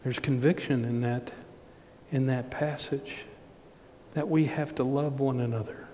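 Guy preaching a sermon, slow earnest storytelling, voice echoing long in a big hall. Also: a little mellow. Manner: earnest, slow storytelling that builds to emphatic points. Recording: long hall reverb, faint low rumble.

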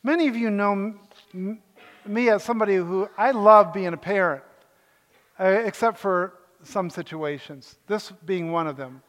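A man's voice: sits high, normal speed, a bit bright. An older man, a pastor, preaching a sermon in a joking, conversational way with asides. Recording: echoey hall reverb.

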